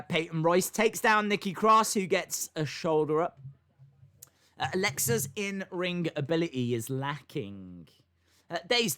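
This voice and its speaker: A man's voice: high voice, a bit bright, smooth. A young man hosting a live wrestling watch-along, calling the action and reading chat comments aloud. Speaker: wrestling stream host.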